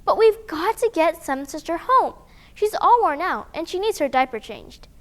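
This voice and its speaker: A woman voicing a strong, fast eldest sister in a children's story, speaking in a commanding, loud way. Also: extremely high pitch, very animated, exaggerated voice.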